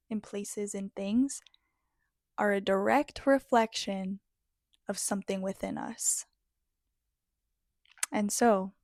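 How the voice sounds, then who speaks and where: A woman giving a reflective, motivational self-help talk in an earnest, heartfelt way, pausing often between phrases. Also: a little high, darkish tone, no room sound, studio quality. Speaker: spiritual self-help speaker.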